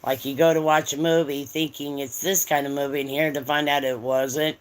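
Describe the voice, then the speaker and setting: A woman's voice: sits low, measured pace, fairly bright tone. A tired, yawning woman hosting a livestream, chatting casually and bluntly to her viewers. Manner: blunt, chatty, talks straight to the audience. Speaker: livestream host.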